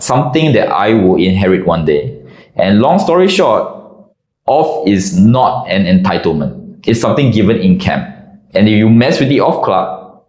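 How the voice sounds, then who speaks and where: Low-voiced man telling an army story. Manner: expressive, conversational. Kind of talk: personal anecdote narration. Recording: echoey room.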